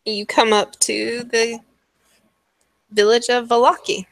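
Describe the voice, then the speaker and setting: A woman narrating a tabletop game as game master, slow and hesitant with many fillers. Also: fairly high pitch, flat delivery, vocal fry, no echo.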